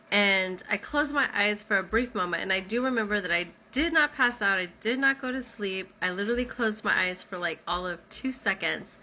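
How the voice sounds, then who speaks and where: A woman tells her own story in the first person, loose and conversational, saying "like" constantly. Her mid-range voice comes across pushed and bright.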